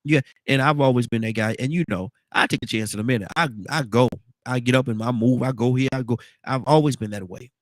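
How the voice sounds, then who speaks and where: A congested man with a baritone voice hosting a casual morning talk show, rambling and repeating his words. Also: fairly quick, hardly any pauses, dry recording. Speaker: radio show host.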